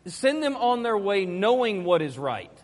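A man's voice: high voice, big pitch swings, measured pace. A man preaching a sermon, emphatic and fond of repeating his key phrases. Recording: long hall reverb.

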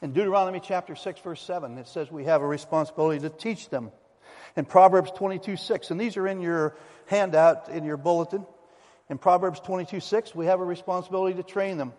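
A male pastor delivers a sermon in a church sanctuary with a somewhat high, emphatic voice and a folksy, storytelling turn. A long hall reverb trails behind his words, and the delivery stays direct and pressing. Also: a little fast, a little mellow.

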